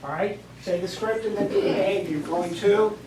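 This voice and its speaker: A woman's voice: mid-range voice, fairly quick, noisy background. A woman teacher coaching a classroom through steps, giving directions in an instructive way. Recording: echoey classroom from far off.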